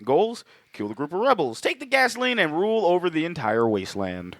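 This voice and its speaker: Joking man co-host, slightly high voice. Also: sing-song, a little fast, no room sound, studio quality. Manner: joking, profane, reads notes in a dramatic announcer tone. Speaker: podcast co-host. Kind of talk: casual podcast banter.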